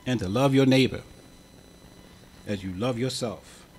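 A man's voice: mid-range voice, unhurried, darkish tone, slight background noise. A man preaching a sermon as imam, with an impassioned cadence that swells and drops. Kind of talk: Friday sermon.

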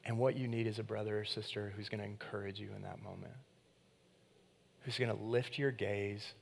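A pastor preaching a sermon in a conversational, animated way, acting out quoted voices and swinging between loud emphatic bursts and quiet, hushed lines. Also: male voice, lowish voice, normal speed, gravelly, a little hiss or hum.

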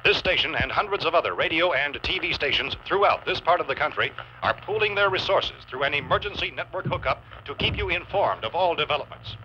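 An actor playing a radio announcer reading an emergency bulletin, formal and measured, heard as a radio broadcast. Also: male voice, on the high side, lively intonation. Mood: grave. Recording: noisy, dull radio broadcast on old film.

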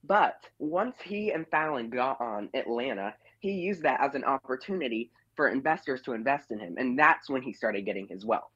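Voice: mid-range voice, expressive, normal speed, few pauses, a bit bright, breathy edge, no room sound. A caller giving a casual, blunt and opinionated rant about reality TV, scolding the cast members directly. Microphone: phone or online call-in. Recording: muffled call-in line.

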